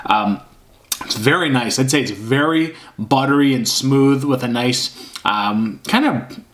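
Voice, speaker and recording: A man's voice: mid-range voice, a bit bright. A man casually reviewing a beer on camera, rambling and hunting for words with lots of fillers. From Michigan.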